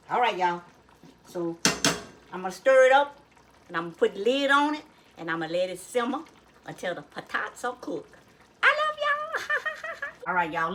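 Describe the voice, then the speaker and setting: A woman's voice: fairly high pitch, fairly bright tone, a little hiss or hum, poor audio. A woman with a Louisiana Cajun accent hosting a casual home cooking vlog, chatty and folksy, always telling viewers to look. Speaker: cooking channel host. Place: home kitchen.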